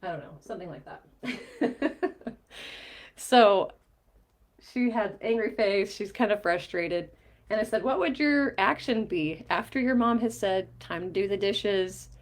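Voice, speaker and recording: A middle-aged woman, a mindset coach, explaining a diagram and retelling a coaching conversation in a lively storytelling way. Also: mid-range voice, measured pace. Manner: animated storytelling, quoting both sides of a conversation with light laughs. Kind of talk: explaining a coaching diagram while recounting a session.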